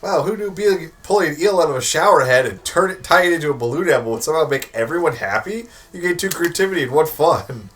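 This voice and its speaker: A man's voice: fairly high pitch, lively intonation, fast talker, few pauses, a bit bright, a little hiss or hum. A young man hosting a let's play, reading game text aloud with playful, dry asides. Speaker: host, game narrator.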